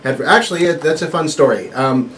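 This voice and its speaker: A man's voice: a little high, quick pace, a bit bright, a little hiss or hum. A man co-hosting a radio talk show in a studio, chatting and telling stories with laughter. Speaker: radio show co-host, actor. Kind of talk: casual radio banter.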